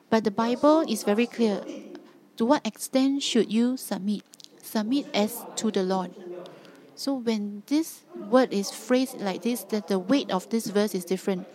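A woman's voice: a little high, a little slow, a little mellow. Earnest woman preaching with emphatic repetition. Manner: earnest, emphatic, repeats phrases for stress. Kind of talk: sermon.

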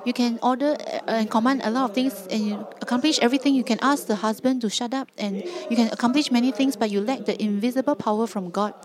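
A woman's voice: fairly high pitch, quick pace, hardly any pauses, crowd noise. Earnest woman preaching with emphatic repetition. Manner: earnest, emphatic, repeats phrases for stress. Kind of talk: sermon.

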